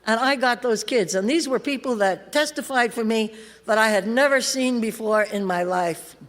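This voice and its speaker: Middle-aged woman speaker, pitch a bit high, salty wry storytelling, long hall reverb. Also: moderate pace. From California. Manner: streetwise, wry storyteller, laughs through the story. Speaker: AA convention speaker. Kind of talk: recovery talk, personal story. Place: convention hall. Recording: live convention hall reverb.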